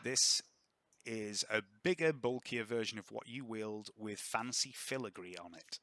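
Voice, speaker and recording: A man running a tabletop role-playing game as game master, narrating scenes in a chatty, lively way. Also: on the low side, a little slow, no echo.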